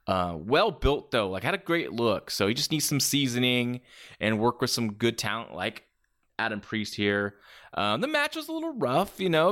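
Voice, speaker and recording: A man's voice: medium pitch, a bit bright. A man hosting a podcast, chatting casually and with strong opinions as he reviews matches, often restarting his sentences. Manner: rambling, many restarts and fillers, opinionated. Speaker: podcast host reviewing wrestling. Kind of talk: casual chat.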